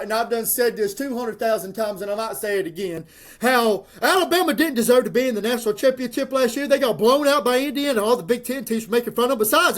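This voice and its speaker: A college football commentator, ranting to the camera in a sarcastic, mocking, rambling way. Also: mid-range voice. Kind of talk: sports rant to camera.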